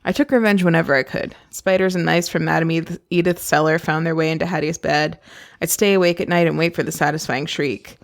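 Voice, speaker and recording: A woman's voice: low-pitched, a little fast, creaky. Woman reading a novel aloud, chatty. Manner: gushing, excitable asides. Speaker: podcast host.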